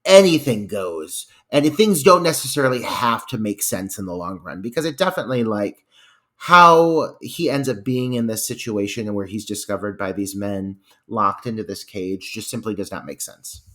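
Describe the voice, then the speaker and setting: A man chats about a movie on a podcast in a casual, meandering way. His voice sits somewhat low, and his phrasing is loose and full of fillers and restarts as he works out his point. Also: expressive, normal speed, fairly bright tone. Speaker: podcast co-host. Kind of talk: casual film discussion.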